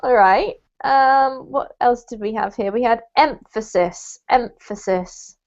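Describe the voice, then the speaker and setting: A fairly high-voiced woman teaches English over a video call, patient and clear, stopping often to check that her students follow. The audio is a little muffled, with the dull sound of a call. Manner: patient, explains slowly with checking questions. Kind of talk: online language lesson.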